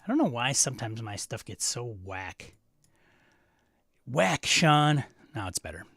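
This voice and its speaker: A man with a Wisconsin accent hosts a casual livestream, chatting with his viewers and tossing in quick asides. His voice sits at an ordinary middle pitch. The sound is dry and close, with no room echo. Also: big pitch swings, vocal fry, fairly bright tone, husky. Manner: chatty, answering viewer chat aloud. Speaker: host.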